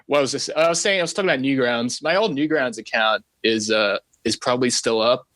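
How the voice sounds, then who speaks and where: A man guest on a podcast, talking easygoing and self-deprecating, often restarting his sentences. His voice is bright and forward, and the recording is dry and close, with no room sound. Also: mid-range voice, fairly quick, no room sound. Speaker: guest animator. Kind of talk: casual podcast chat.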